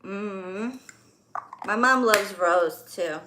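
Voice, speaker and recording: A woman speaks very slowly at medium pitch while packaging crinkles around her. She works as a spiritual reader for clients and, in a casual unboxing vlog, chats and gushes over her gifts, squealing when excitement hits.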